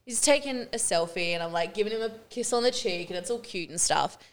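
An Australian woman co-hosting a podcast, telling work stories in lively, swearing casual chat and acting out what people said. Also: mid-range voice, quick pace, a little hiss or hum. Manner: animated storytelling, swearing freely, acting out quotes. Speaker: podcast co-host.

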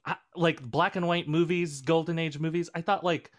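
A man in casual podcast chat, playful and quick to laugh, now and then slipping into silly voices. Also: on the high side, fairly even intonation. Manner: playful, laughs often, slips into character voices.

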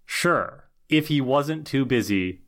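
A man co-hosting a podcast, walking through a TV episode's plot in casual chat, earnest and quick to get indignant. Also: mid-range voice, expressive, a bit bright. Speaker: podcast co-host.

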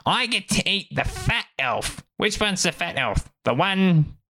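A man's voice: high-pitched, big pitch swings, a little slow, pushed and bright, voice pushed up, heavily acted. A man voicing a small, greedy goblin who bickers and rambles. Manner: bickering, scatterbrained.

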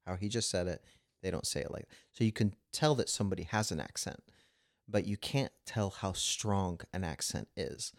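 A man's voice: deep voice, normal speed, vocal fry, dry recording, clean studio sound. A man co-hosting a casual podcast, talking in a rambling way with restarts and the odd laugh. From United States. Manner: rambling, frequent restarts, laughs while telling anecdotes. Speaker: podcast co-host. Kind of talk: casual conversation.

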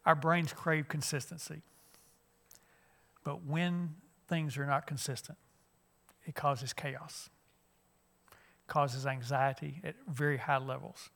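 Gravelly folksy man. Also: fairly high pitch, fairly even intonation, slow, long pauses, a bit bright. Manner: folksy, conversational, many fillers and restarts. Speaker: youth minister. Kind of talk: church conference lesson.

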